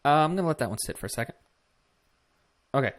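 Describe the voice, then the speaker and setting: A man's voice: a little high, lively intonation, fast talker. Blunt, swearing male commentator. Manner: blunt, profane, rambling with fillers. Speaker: political commentary host. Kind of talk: casual opinion commentary.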